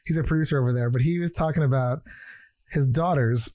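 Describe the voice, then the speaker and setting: A man's voice: medium pitch, quick pace, dark tone, no echo. A man co-hosting a casual podcast, telling rambling stories and laughing often. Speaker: podcast co-host. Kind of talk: casual chat.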